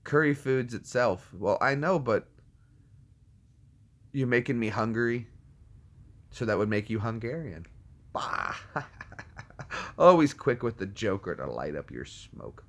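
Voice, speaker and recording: A man's voice: mid-range voice, very animated, unhurried, long pauses. A man casually chatting as a streamer, answering viewer comments in a jokey way and riffing on movie quotes. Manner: jokey, riffs on movie quotes and puts on silly voices. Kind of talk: casual chat.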